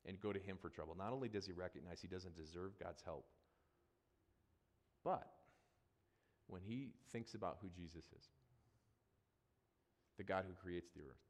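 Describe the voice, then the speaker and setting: Deep-voiced man preaching in a hall. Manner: conversational, repeats phrases for emphasis. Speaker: pastor. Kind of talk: sermon.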